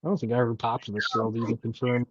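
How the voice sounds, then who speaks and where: A man's voice: medium pitch, level tone, fast, dry recording, highs cut off. A man chatting casually on a livestream about snakes, self-deprecating and laughing often. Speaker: guest snake breeder.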